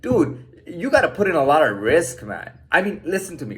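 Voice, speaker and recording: A man in a casual, preachy monologue whose pitch swings widely and sits a little high. He is blunt and swears freely. He stumbles, restarts his sentences and lectures the listener. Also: sing-song, normal speed, a bit bright. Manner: blunt and profane, talks in stops and restarts. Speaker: storyteller.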